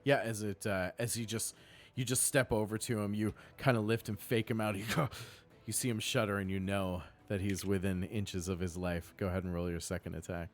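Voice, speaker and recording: A man narrating as dungeon master in a live tabletop game, painting scenes vividly and breaking off for quick rules asides. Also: lowish voice, fairly even intonation, faint music behind.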